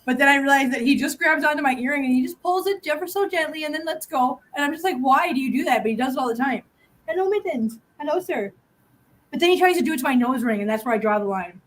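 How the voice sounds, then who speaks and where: A woman's voice: high voice, very fast, few pauses. A woman hosting a casual live stream, chatting and cooing baby talk at her cats with frequent laughs. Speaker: host.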